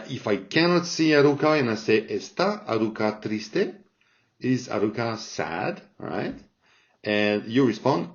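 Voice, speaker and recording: A man teaching a language lesson, speaking patiently and often checking in with "all right?" after each example. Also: medium pitch. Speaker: Spanish teacher. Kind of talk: slow spoken language lesson. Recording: dull lo-fi recording.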